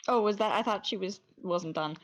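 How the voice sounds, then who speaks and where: A woman's voice: medium pitch, moderate pace. A young woman chatting as a player in a tabletop game, hesitant and thinking aloud. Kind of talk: casual tabletop chat.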